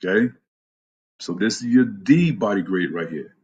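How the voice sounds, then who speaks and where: A man's voice: on the low side, lively intonation, normal speed, a little mellow, breathy edge, dull audio. A man who is a fitness trainer, giving a blunt, profane talk on a live stream and greeting viewers by name. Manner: blunt, profane, trash-talking.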